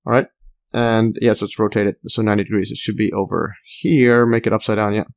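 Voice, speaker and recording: A man's voice: fairly low pitch, flat delivery, a little fast, vocal fry. Rambling man teaching a math lesson. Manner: rambling, many fillers and restarts, enthusiastic asides. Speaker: math tutor. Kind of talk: casual screen-recorded math lesson.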